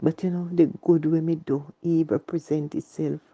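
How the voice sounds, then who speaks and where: A woman's voice: deep voice, flat delivery, normal speed, dull audio. A woman with a Jamaican accent telling her personal story in earnest, repetitive Patois. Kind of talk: emotional personal testimony.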